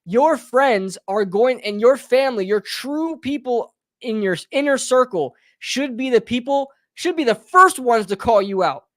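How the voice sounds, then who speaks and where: A man's voice: very high voice, lively intonation, unhurried, dry recording, clean studio sound. A man hosting a live sports talk stream, ranting heatedly and often calling listeners bro and brother. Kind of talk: live fan rant.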